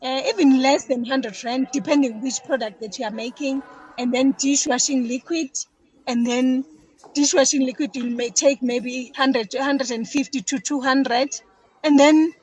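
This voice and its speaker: A woman's voice: sits high, fairly even intonation, moderate pace, a little mellow, breathy edge, rough recording. A South African woman explaining detergent making as a podcast guest, chatty, often repeating words. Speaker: business guest, detergent maker. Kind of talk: casual podcast interview.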